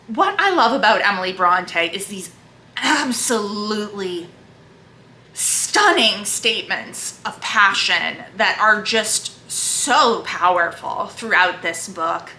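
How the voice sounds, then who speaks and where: Woman gushing about her fave books at home, bright voice, echoey room. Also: mid-range voice, expressive, takes it slowly, a little hiss or hum. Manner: enthusiastic and effusive. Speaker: book video creator. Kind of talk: casual book talk.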